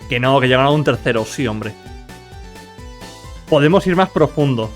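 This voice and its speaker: A man's voice: medium pitch, lively intonation, a little fast, soft background music. Young man streaming. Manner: joking with chat, reads game lines aloud. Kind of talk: live game stream commentary.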